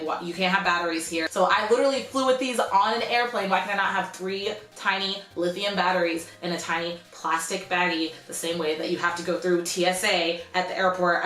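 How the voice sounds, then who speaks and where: A young woman telling a story in a casual vlog, chatty and animated, with "like" in nearly every sentence. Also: fairly low pitch, roomy sound. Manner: chatty, animated, heavy use of "like". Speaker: vlogger.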